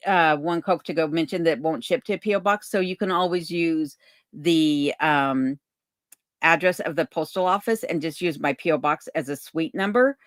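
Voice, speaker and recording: A channel host with a low-pitched voice answers viewer questions on a relaxed livestream from her cabin in remote Alaska. She reads chat comments aloud and replies at an unhurried pace, saying um often. The sound is studio quality with no echo.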